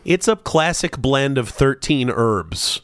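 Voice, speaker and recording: Comedic male podcast co-host, playful mock-earnest read, very animated pitch, dry studio sound. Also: no echo. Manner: playful mock-earnest delivery, drawn-out words. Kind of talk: comedic podcast banter reading a sponsor spot.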